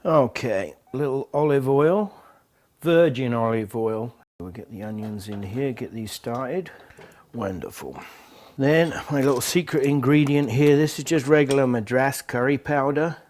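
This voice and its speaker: Wry biker cooking at home. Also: male voice, medium pitch, measured pace, a little mellow. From England. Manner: wry, joking, hesitant with fillers. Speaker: home cook, biker club president. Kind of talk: casual cooking demonstration.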